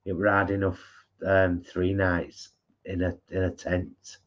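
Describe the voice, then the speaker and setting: A man's voice: low-pitched, monotone, a little slow. A man with a Geordie accent co-hosting a live stream, playful and teasing as he reads out comments. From North East England. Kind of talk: casual live-stream chat. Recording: dull lo-fi stream audio.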